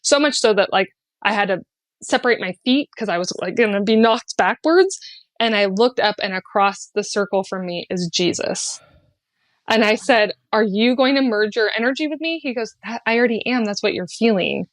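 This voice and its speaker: A middle-aged woman recounts a deeply personal spiritual experience as a podcast guest. She talks in an animated way, jumping up in pitch when she quotes people and breaking into laughs. The recording is dry and close. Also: moderate pace, dry recording. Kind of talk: emotional personal storytelling.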